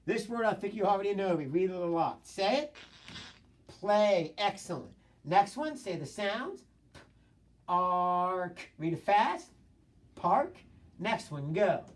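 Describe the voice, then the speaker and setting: A male teacher leads a phonics lesson by video, coaxing students to tap out sounds and read words fast. His encouraging, repetitive prompts carry across the room to a camera mic set some way off. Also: sits high, expressive. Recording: voice distant from the mic.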